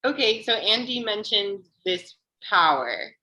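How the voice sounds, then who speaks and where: A woman hosting an online game show, reading out votes and results in a measured, formal way. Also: mid-range voice, expressive, bright, forceful tone, rough recording. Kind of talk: scripted announcements.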